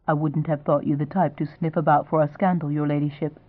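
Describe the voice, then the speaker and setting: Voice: mid-range voice, little pitch movement, fairly quick, dry recording, natural voice. A proud, anxious young mother who keeps her answers short and defensive, as an audiobook reader puts her on. The sound is narrow and phone-like. It is dry and close. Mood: guarded. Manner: clipped, defensive.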